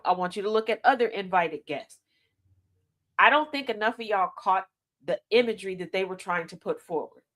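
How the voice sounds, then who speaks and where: A woman's voice: mid-range voice, a bit bright. Emphatic woman radio host. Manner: emphatic, addresses listeners directly with rhetorical questions; repeats key lines for emphasis. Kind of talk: opinionated commentary monologue.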